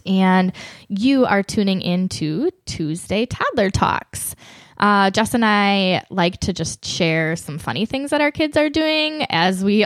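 A woman in her thirties co-hosting a podcast, telling a funny family story in a casual, animated way and laughing often. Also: mid-range voice, dry recording. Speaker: podcast co-host.

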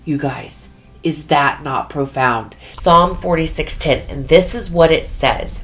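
Slow, low-voiced woman giving earnest testimony. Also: fairly bright tone, faint music behind. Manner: earnest, searching for words. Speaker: Christian speaker. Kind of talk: personal faith testimony.

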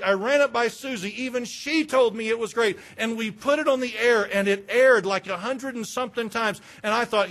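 High-voiced male preacher, candid and conversational. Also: a bit bright. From Southern United States. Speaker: pastor. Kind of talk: sermon.

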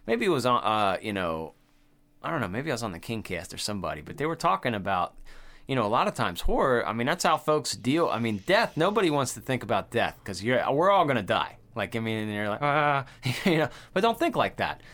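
A man's voice: mid-range voice, very animated, fairly quick, a bit bright. A man co-hosting a casual horror movie podcast, laid-back and rambling, swearing often. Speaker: podcast co-host. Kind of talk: casual chat.

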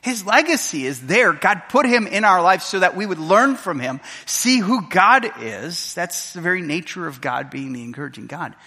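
A man's voice: high-pitched, big pitch swings, moderate pace, hardly any pauses, pushed and bright, breathy edge. A middle-aged man preaching a sermon as pastor, telling a personal story with emotion and acting out the voices of others. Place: church sanctuary. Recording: reverberant church hall.

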